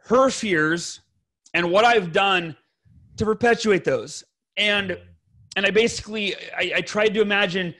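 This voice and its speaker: A man in his thirties speaks as a podcast guest, earnest and rambling, often correcting himself mid-sentence. His voice sits high and bright. He clears his throat often and drops the odd curse word. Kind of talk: emotional personal story to fathers.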